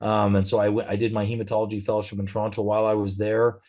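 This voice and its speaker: Relaxed low-voiced man telling stories. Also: racing. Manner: relaxed storytelling with frequent fillers. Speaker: interview guest, physician. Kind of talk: conversational interview.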